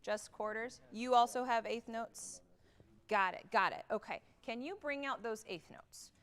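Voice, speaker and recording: A woman's voice: on the high side, a little slow. A woman conductor coaching a wind band in rehearsal, upbeat and direct, counting off and singing out how notes should sound, recorded on a theatre stage. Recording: long theatre hall reverb from a livestream.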